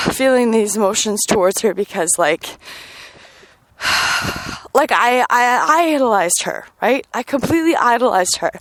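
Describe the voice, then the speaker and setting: Solo podcast host, woman, high voice; raw, sweary, swings from loud to hushed. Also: no echo. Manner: emotional, profane, swings between loud outbursts and quiet murmurs. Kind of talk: candid personal monologue.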